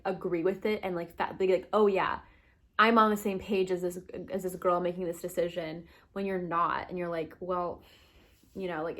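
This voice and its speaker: A young woman vlogging about books, ranting casually with lots of fillers and short wry laughs. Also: mid-range voice. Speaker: book vlogger. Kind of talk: casual opinion rant.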